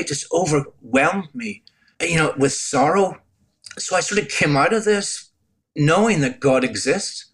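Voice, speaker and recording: A man's voice: a little high, fairly bright tone, breathy edge. An older man with a Northern Irish accent, telling his personal testimony in an earnest, reflective way as an interview guest. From Northern Ireland. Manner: earnest, reflective storytelling with frequent restarts.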